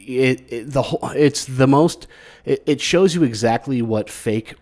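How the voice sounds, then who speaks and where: A man's voice: medium pitch, a little slow, darkish tone. A man from the United States co-hosting a podcast, chatting casually, swearing and laughing a lot. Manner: profane, joking, laughs often. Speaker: podcast co-host.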